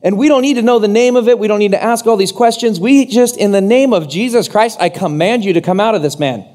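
A male pastor preaching a sermon in an animated way, acting out the voices he quotes. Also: high-pitched, quick pace.

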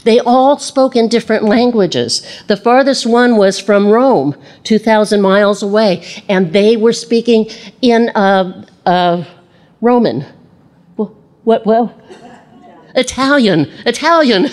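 A woman's voice: mid-range voice, a little mellow. A middle-aged woman teaching a casual Bible lesson, chatty, laughing easily and acting out the voices she quotes.

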